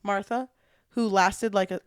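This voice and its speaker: A woman's voice: mid-range voice, measured pace, clean tone, dry recording, clean studio sound. Casual woman co-hosting a book chat. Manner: swearing, animated retelling with acted quotes. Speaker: podcast co-host.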